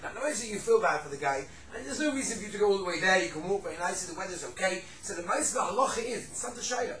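Brief: quick, animated male teacher, bright tense voice, acts out examples, room echo from a distance. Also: sits high. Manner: animated, acts out quoted speakers, sprinkles Yiddish and Hebrew terms. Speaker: Torah teacher. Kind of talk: casual halacha class.

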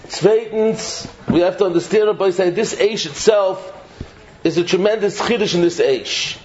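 A man teaching an animated Torah shiur, repeating words as he builds each point and mixing English with Hebrew and Yiddish terms. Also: high-pitched, a little slow, pauses often. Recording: echoey, dull, faint noise.

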